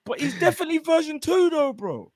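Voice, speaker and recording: A man's voice: very high voice, very animated, quick pace, a little mellow, dry recording, studio quality. A man in his thirties co-hosting a casual live stream, full of slangy banter. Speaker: co-host.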